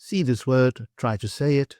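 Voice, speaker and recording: A man with a medium-pitched, dark voice and a Greek accent teaches beginner vocabulary at a slow, patient pace. He drills pronunciation by repeating each word syllable by syllable, and the studio sound is clean with no echo.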